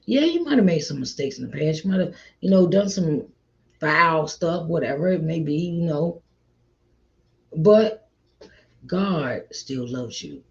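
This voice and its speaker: A middle-aged woman hosting an inspirational faith talk, repeating her points warmly and calling listeners child and honey. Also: low voice, expressive, moderate pace, gravelly. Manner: repetitive, encouraging, calls listeners child and honey. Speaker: host. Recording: slightly dull lo-fi audio.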